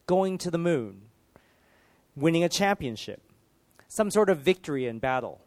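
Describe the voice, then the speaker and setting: A man preaching a sermon, building through emphatic rhetorical questions and dropping to quieter moments. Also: fairly high pitch, big pitch swings, moderate pace.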